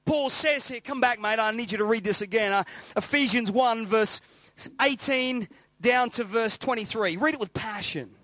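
A middle-aged man from England, raised in Australia, preaching a sermon in an animated storytelling way and repeating phrases for emphasis. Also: very high-pitched, moderate pace, no room sound.

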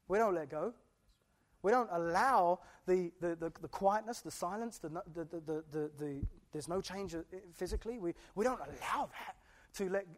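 A woman's voice: medium pitch, darkish tone. A woman preaching a sermon, impassioned and emphatic, often stumbling into repeated restarts.

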